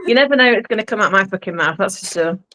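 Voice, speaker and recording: A woman's voice: medium pitch, animated, racing, pushed and bright. A British woman in casual chat as a podcast guest, blunt and crudely joking. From United Kingdom.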